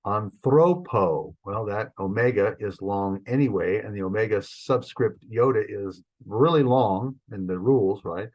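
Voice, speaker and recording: A man teaching a Greek grammar class, explaining the rules step by step in a relaxed, informal way with frequent fillers and restarts. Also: on the low side, normal speed, hardly any pauses, lo-fi sound.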